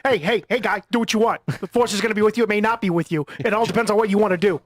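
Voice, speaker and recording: Cocky movie-star impression, done by a man, rambling and bossy, high and dry. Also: no room sound. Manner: fast, rambling, bossy run-on talk. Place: radio studio.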